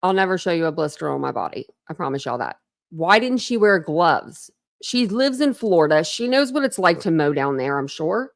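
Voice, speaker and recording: A woman's voice: fairly low pitch, big pitch swings, moderate pace, gravelly, no room sound, clean studio sound. Chatty, teasing woman with a twang. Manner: chatty, rambling, teasing with frequent laughs. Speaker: true crime commentary host. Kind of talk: casual reaction commentary.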